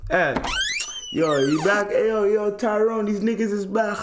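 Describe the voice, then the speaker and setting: A man voicing a rowdy young guy who taunts his neighbors over a stolen pizza, talking higher and louder than his usual voice. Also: measured pace, echoey room, noisy background. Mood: taunting.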